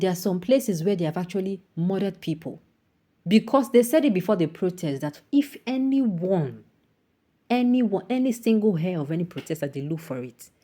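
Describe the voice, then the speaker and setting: A woman's voice: lowish voice, mellow. A woman with a Nigerian accent who reads the news and then breaks into indignant commentary, mixing in Pidgin phrases and exclamations. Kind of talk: news reading mixed with heated commentary.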